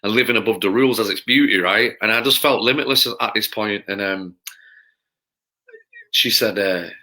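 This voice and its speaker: A man from Manchester talks as a podcast guest. His voice is very bright and sharp, and he rambles candidly, doubling back on words and acting out what others said to him. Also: on the low side, moderate pace. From Manchester, England. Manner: rambling, repeats words, acts out quotes. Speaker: podcast guest, personal trainer. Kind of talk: candid storytelling.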